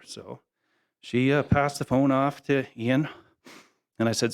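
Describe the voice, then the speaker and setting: A middle-aged man at a memorial, speaking at a medium pitch. He tells folksy, humorous stories in an easygoing, unpolished way, full of small pauses. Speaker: family member giving a eulogy. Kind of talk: anecdotal memorial speech.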